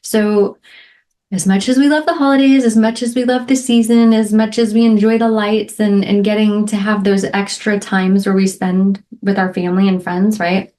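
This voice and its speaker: A middle-aged woman hosting a solo podcast, speaking in a heartfelt, reflective way and often checking in with "right?" and soft "um" fillers. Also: mid-range voice, little pitch movement, normal speed. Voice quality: emotional, near tears at moments. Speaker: podcast host.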